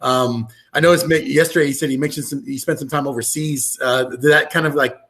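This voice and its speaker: A man's voice: mid-range voice, fairly even intonation, fairly quick, a bit bright. A man hosting a casual podcast interview, asking questions in a hesitant way with many ums and likes. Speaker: podcast host.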